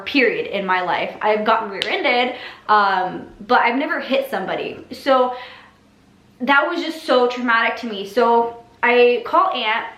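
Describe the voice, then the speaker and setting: A young woman recounts a story to her viewers in a rambling, chatty way, her voice sitting slightly high. She restarts sentences constantly and keeps calling out to the audience. The room around her gives a noticeable echo. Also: fairly bright tone, highs cut off. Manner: rambling, many likes and restarts, addresses viewers as you guys. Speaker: YouTuber telling a story. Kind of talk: casual story time to camera.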